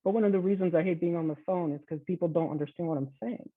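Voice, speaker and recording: A man chats on a panel in a quick, talkative way. His voice sits high for a man and comes through a dry, phone-like line with no room sound. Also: no echo. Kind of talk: casual panel chat. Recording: dry, tinny phone-like audio.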